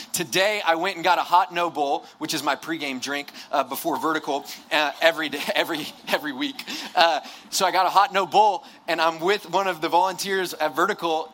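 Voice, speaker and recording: A man's voice: on the high side, sharp tone, a little hiss or hum. A young man speaking to a live audience, telling a humorous, self-deprecating story in a sermon, with many restarts and asides. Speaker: campus ministry speaker.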